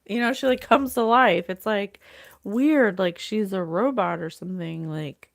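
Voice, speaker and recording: Psychic host, woman. Slow and halting, relays messages from spirit, vocal fry, dry close sound. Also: medium pitch, no room sound. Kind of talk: thinking-aloud channeled reading.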